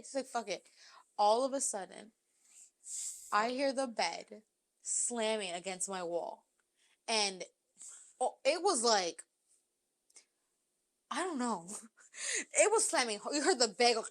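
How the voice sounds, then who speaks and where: A young woman co-hosting a podcast, telling a story in casual chat, animated and swearing, acting out quotes. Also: fairly high pitch, unhurried, pauses often. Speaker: podcast co-host.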